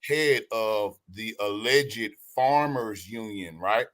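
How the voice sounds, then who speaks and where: A man joins the show on a call, chatting loosely and often restarting his phrases. His voice is bright, with a forceful edge. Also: fairly low pitch, slow pace. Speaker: guest on call. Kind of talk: casual chat.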